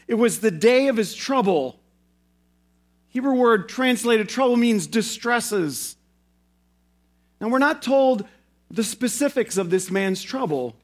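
Pastor guy with a pretty high voice, preaching earnest and slow on the key lines. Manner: earnest, slows down and repeats phrases for emphasis. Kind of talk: sermon.

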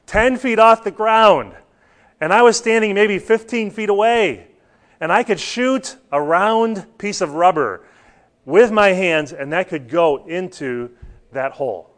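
A man's voice: sits high, a bit bright. A man teaching a church Bible class, talking earnestly and putting questions to his students.

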